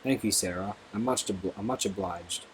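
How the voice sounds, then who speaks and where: A man's voice: fairly low pitch, a little fast, a little hiss or hum, close to an everyday voice, rough recording. A man voicing a sick, wasted woman who speaks with timid, refined politeness. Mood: pleading.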